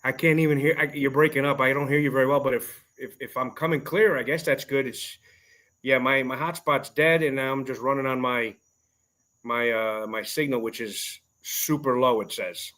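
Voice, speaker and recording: A man's voice: medium pitch, fairly even intonation, normal speed, fairly bright tone. A man appearing as a guest on a live art-sale stream, talking casually and bluntly, swearing often. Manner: blunt, swears, frustrated by bad connection.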